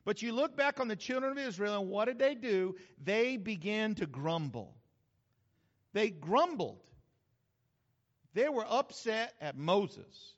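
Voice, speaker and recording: Male pastor, folksy humorous sermon, fairly high voice, slightly dull sound, big reverberant hall. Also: unhurried. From New Mexico. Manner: folksy, humorous, animated storytelling.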